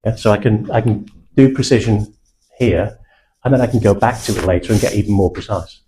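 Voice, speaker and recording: A man runs a sales training session, talking bluntly and confidently. His low, warm voice carries British slang. A faint room ambience sits underneath. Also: fairly quick, a little hiss or hum, rough recording. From England (South Manchester). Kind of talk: live sales training talk.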